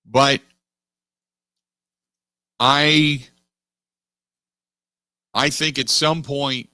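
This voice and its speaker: A middle-aged man hosting a sports talk radio show, making his case in an animated, emphatic way and repeating phrases for weight. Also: medium pitch, extremely slow, dry recording, clean studio sound. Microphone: studio microphone.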